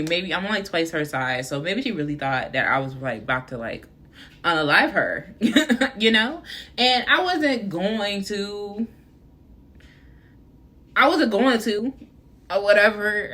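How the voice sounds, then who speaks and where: A woman's voice: mid-range voice, pushed and bright. A young woman vlogger chatting through a storytime, full of fillers and talking to her viewers as y'all. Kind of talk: casual storytime monologue.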